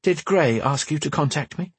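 Fierce pirate captain woman, husky raised voice, dry close sound, gruff swagger, man doing the voice. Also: a little high, lively intonation, normal speed, no room sound, voice pushed up. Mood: urgent, wary. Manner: bold, gruff pirate swagger when commanding.

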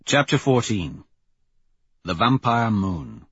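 Husky-voiced male audiobook narrator. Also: lowish voice, sing-song, slow, a bit bright, no room sound, dull audio. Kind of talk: scripted first-person audiobook narration.

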